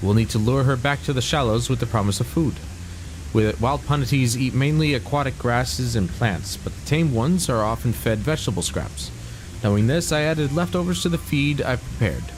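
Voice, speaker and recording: A man's voice: medium pitch, lively intonation, normal speed, faint music behind, natural voice, low-quality recording. A man voicing a male wildlife expert from a video game, reading the lines aloud with a slight put-on accent. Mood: matter-of-fact.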